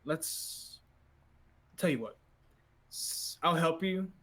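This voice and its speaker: A man's voice: a little high, animated, drawn-out words, fairly bright tone. Hesitant man playing a tabletop character. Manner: hesitant, many restarts. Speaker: player.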